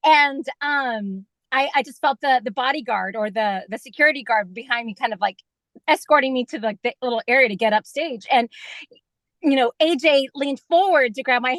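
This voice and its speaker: A woman guest telling an excited, rambling story in an interview, full of fillers. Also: sits high, normal speed, dry recording. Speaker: guest fan.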